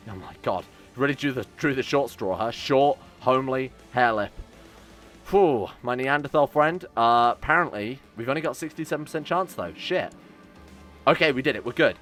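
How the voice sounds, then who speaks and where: A man talking through a strategy game in a sarcastic, swearing commentary. His voice sits at an ordinary middle pitch. Faint music plays under him. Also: a bit bright. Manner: sarcastic, swearing, reads event text aloud. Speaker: let's-play host.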